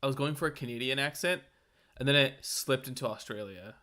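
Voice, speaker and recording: A man's voice: medium pitch, a little fast, bright, forceful tone. A man co-hosting a TV aftershow in casual chat, rambling through jokey tangents. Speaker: aftershow co-host.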